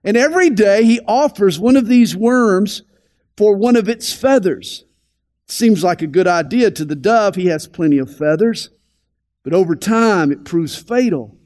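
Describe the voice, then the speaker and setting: A man with a notably high voice teaches scripture on the radio. He is deliberate and emphatic, and he drops into soft, quiet asides. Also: expressive. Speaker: pastor.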